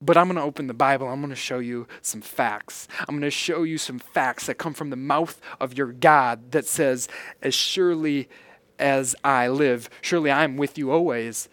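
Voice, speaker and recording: A man, a pastor, preaching a sermon in an earnest way, his voice rising loud and falling hushed as he reads scripture and speaks to the church. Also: mid-range voice, moderate pace, no room sound.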